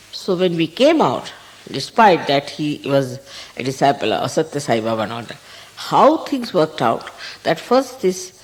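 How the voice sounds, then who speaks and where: An older woman with an Indian English accent, a spiritual teacher telling a story in an animated way, chuckling and quoting others. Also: deep voice, low-quality recording. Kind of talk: storytelling talk.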